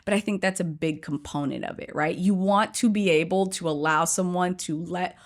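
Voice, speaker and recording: Animated woman telling a story. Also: lowish voice, moderate pace. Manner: animated, acts out quoted voices. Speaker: guest. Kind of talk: conversational storytelling.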